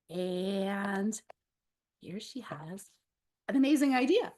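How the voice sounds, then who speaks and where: A woman author reading her picture book aloud to children, animated and expressive, gasping and laughing along. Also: high-pitched, unhurried.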